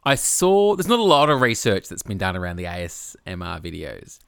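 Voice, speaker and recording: A man's voice: low voice, wildly swooping pitch, fairly quick, vocal fry, a bit bright, smooth, dry recording, studio quality. A man co-hosting a podcast, chatty, explaining research and laughing often. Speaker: podcast co-host. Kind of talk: casual chat. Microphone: studio microphone.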